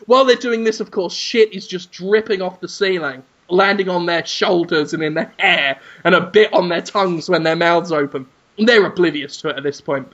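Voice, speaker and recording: A man hosting a podcast, crude and rambling in deadpan comedic storytelling. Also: high voice, normal speed, few pauses, highs cut off. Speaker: podcast host.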